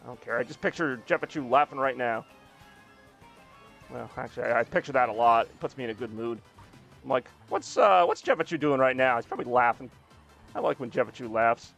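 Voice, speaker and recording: A man's voice: mid-range voice, fairly even intonation, a little fast, gravelly, pauses often, fairly bright tone, dull audio, soft background music. A man streaming a racing game, chatting casually with a rambling, self-deprecating, joking manner. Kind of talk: casual live-stream chat while playing.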